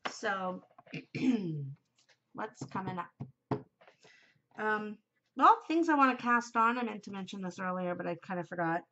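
A middle-aged woman chatting on her own podcast, gushing and openly emotional, her speech running into little asides. Her voice sits at a middling pitch. The recording is muffled and lo-fi, as if from a home setup. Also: unhurried, pauses often, sharp tone, a little hiss or hum. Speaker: podcast host. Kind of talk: casual chat.

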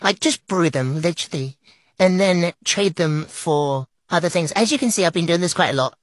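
A woman giving casual, excitable gameplay commentary and tips, gushing and full of "like". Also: lowish voice, normal speed, dry recording. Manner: gushing, excitable, lots of fillers like "like". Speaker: game creator.

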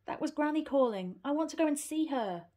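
A woman's voice: sits high, expressive, brisk, dark tone, voice pushed up. A woman doing an eager little girl. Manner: eager, pleading, childlike. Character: eager little girl, stubborn yet sweet.

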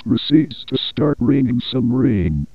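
A man voicing a whiny cartoon character in a meme parody, reading stage directions in a flat monotone, on dull lo-fi audio. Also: mid-range voice, takes it slowly, gravelly, background noise, heavily acted.

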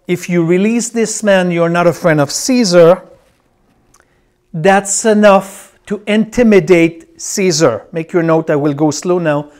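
Guy teaching scripture, slow, says every line twice, slightly high voice. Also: a little mellow. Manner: slow, repeats key phrases, tells students to circle words. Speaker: Bible teacher. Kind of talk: classroom Bible lecture.

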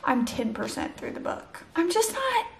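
A woman's voice: very high-pitched, very animated, normal speed, creaky, a little hiss or hum. A tired young woman chatting casually in a late-night book vlog, rambling with lots of "like" and "literally". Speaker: book vlogger.

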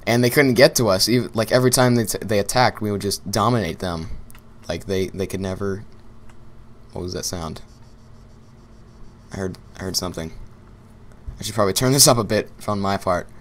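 A man's voice: on the low side, fairly quick, pauses often, a little hiss or hum. A young man giving casual gameplay commentary, rambling and repeating himself while he plays, often laughing. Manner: rambling and repetitive, talking to himself, with bursts of laughter.

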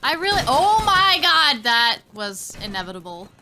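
Excitable high-voiced woman gamer. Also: normal speed. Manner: excitable, laughing. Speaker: gaming channel host. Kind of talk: casual gaming chat. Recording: noisy game audio.

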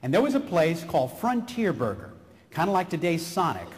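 A middle-aged man from San Antonio tells stories at a motivational keynote. His voice sits high and swings widely, and it rings out on a stage mic in a large hall with long reverb. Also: a little fast. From San Antonio, Texas. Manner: animated storyteller, slips into character voices. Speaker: keynote speaker. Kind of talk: motivational keynote speech with storytelling.

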